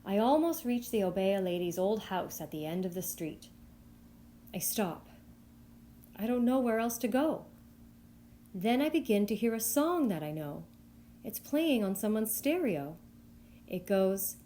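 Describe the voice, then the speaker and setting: A woman reading a picture book aloud for young children at storytime, voicing the young narrator with bright, lifted lines. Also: a little slow, slight background noise. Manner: expressive, lifting high for the child's voice. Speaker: storytime reader.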